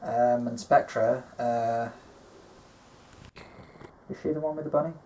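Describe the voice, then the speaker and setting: A man's voice: medium pitch, fairly even intonation, slow pace, mellow, a little hiss or hum, poor audio. A man chatting casually at home about his collection, rambling with lots of ums and frequent swearing. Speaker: doll collector and co-host. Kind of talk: casual chat showing a collection.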